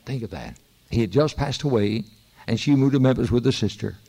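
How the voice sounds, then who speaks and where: A man's voice: mid-range voice, animated, a little fast, creaky, mellow. An older man, preaching a sermon and telling stories with emphatic exhortation. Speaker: pastor.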